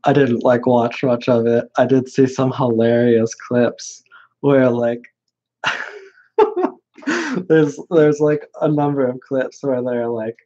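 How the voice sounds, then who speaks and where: A young man talking bluntly and mockingly in casual chat as a podcast guest, halting with many restarts, on a dull lo-fi recording. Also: mid-range voice, very animated, mellow. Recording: dull lo-fi sound.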